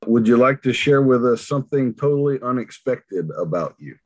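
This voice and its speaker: A man's voice: medium pitch, animated, moderate pace. A man hosting an interview, asking short questions in a playful, upbeat way. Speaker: interview host. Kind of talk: rapid-fire interview questions.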